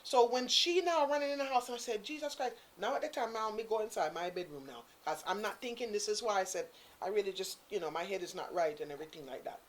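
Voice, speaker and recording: In casual chat with slight background noise, a woman with a mid-range voice talks fast as a guest storyteller. Animated and speaking Caribbean-inflected English, she acts out the quoted voices of the people in her story.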